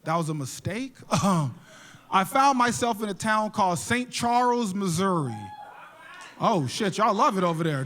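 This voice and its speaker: A young adult man performing a stand-up comedy set on a theater stage, telling animated, jokey stories. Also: high-pitched, moderate pace.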